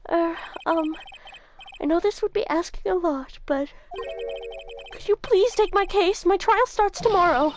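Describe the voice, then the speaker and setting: A woman's voice: very high voice, unhurried, pauses often, a little hiss or hum. A woman voicing a timid, nervous young man who talks shyly and apologetically with stammers.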